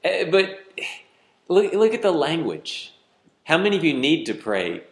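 A man in his forties preaches to his congregation at a slow, deliberate pace. He talks casually and keeps throwing questions at the room. His voice carries a roomy church echo. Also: on the high side, sing-song, gravelly. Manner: conversational, teasing the congregation with questions. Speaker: pastor. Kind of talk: sermon. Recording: echoey church hall.

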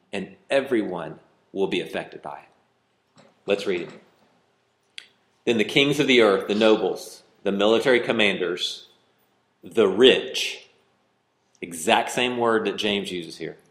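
A male pastor delivers a sermon with a fairly low voice, reading scripture and pressing his points with growing force. The sound carries a roomy echo, as if from a church hall. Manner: preaching with rising intensity, reading scripture aloud.

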